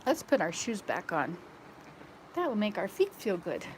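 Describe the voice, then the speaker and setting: She's a vlogger in her sixties, strolling around her home and chatting casually, playful and rambling, laughing off her slip-ups. Her mid-range voice has a sing-song lilt and a moderate pace, and there's background noise in the clip.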